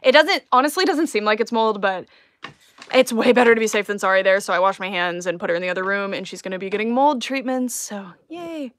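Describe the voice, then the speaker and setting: A woman's voice: mid-range voice, fast, fairly bright tone. A young woman chatting casually on a live stream at home as she unboxes dolls, rambling and giggling with lots of fillers. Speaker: doll collector livestreaming an unboxing. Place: home room.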